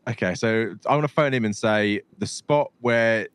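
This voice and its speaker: A man's voice: lowish voice, moderate pace, clear, resonant tone. A man, bantering and arguing playfully with a fellow player in a roleplay game. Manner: argumentative, animated, teasing. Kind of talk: casual gaming banter.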